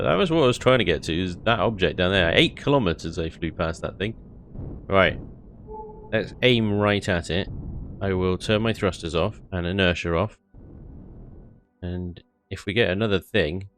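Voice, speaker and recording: Playing a space game on stream, this man offers casual commentary, rambling on and laughing often, in a low voice with a fairly bright tone.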